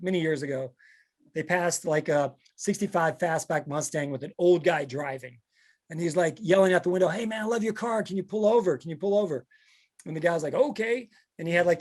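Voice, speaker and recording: A man hosting a casual chat show, telling stories and acting out the people in them. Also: on the high side. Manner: animated storyteller acting out quotes. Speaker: podcast host.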